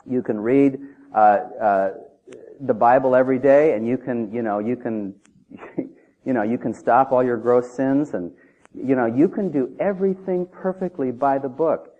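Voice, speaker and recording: A man's voice: medium pitch, a little slow. A man preaching a sermon in an emphatic, conversational way, often asking the listeners questions. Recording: tinny phone-like audio.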